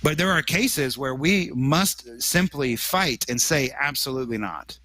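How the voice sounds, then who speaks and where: Earnest bright-voiced man, dry sound. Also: on the high side, takes it slowly, no room sound, poor audio. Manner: earnest, emphatic, lots of restarts. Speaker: magazine editor and guest. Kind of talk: conversational interview.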